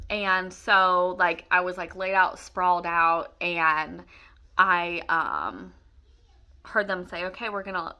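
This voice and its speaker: A woman's voice: lowish voice, bright, forceful tone. A young woman casually telling her own story to the camera, emotional and rambling, with many fillers and restarts.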